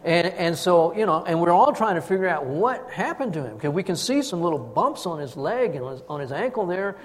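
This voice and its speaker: An older man, a grandfather, preaching a sermon and telling a family story with lively, acted-out quotes. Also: high voice, fairly quick, in a large hall, slight background noise. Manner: storytelling, animated, acts out quotes. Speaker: pastor.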